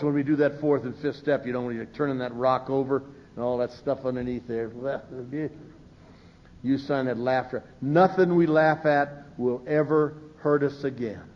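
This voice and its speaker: An older man at a recovery meeting, telling funny stories and acting out the voices of the people he quotes. His voice sits a little high for a man. The live recording sounds muffled and lo-fi. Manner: humorous, animated, acts out quoted voices. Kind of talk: storytelling talk from a podium.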